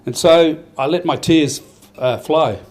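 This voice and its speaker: A man's voice: fairly high pitch, measured pace, a little mellow, a little hiss or hum. An older Australian man giving a rambling, heartfelt speech at a farmers' awards night, with many restarts. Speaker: event organiser giving a speech. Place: event hall.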